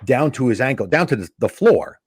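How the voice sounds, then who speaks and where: Man telling a lively set story. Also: mid-range voice, a little fast, husky, dry recording, clean studio sound. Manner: animated anecdote teller acting out quoted dialogue. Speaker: guest comedian. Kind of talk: casual storytelling.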